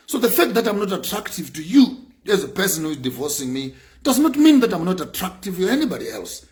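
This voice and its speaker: A man's voice: sits high, sing-song, normal speed. A man giving an impassioned speech, repeating his points with emphasis and rising to raised bursts. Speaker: speaker on sanctions.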